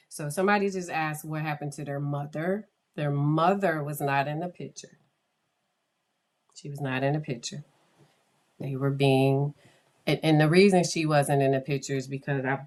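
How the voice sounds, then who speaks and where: A woman with a notably low voice talks through a spooky true story in a loose, casual podcast way. She hesitates and restarts her sentences, and sometimes drops into a whisper. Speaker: podcast host.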